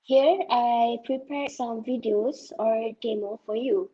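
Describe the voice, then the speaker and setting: A woman presenting an online workshop, speaking slowly and gently. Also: a little high. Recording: dull, muffled sound.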